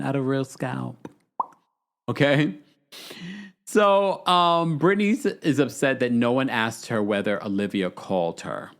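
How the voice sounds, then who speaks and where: A man hosting a podcast, recapping a reality show in casual, gossipy chat with animated asides and laughs. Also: medium pitch.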